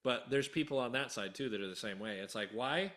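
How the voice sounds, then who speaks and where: A man with a bright, forceful voice co-hosting a casual podcast. He rambles through his points and keeps checking in with his partner as he goes. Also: medium pitch, brisk. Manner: conversational, rambling, checks in with "right?". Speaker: podcast co-host. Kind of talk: casual unfiltered chat.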